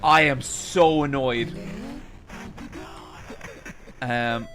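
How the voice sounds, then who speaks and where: A man's voice: mid-range voice, extremely slow, fairly bright tone, soft background music. A young man streaming, telling a rambling, profane story to his chat in an exasperated way.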